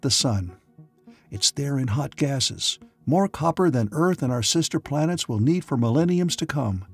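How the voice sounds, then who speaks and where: A man narrator voicing a calm, firm young man who takes command, in an audiobook. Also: medium pitch, measured pace, breathy edge, faint music behind, pitched above the performer's own voice.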